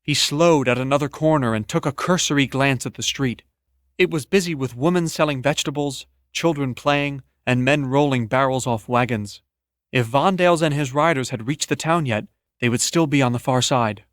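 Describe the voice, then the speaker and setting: A man narrating an audiobook in a steady, even storytelling manner, close to the mic. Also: medium pitch, normal speed, dry recording. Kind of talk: scripted narration.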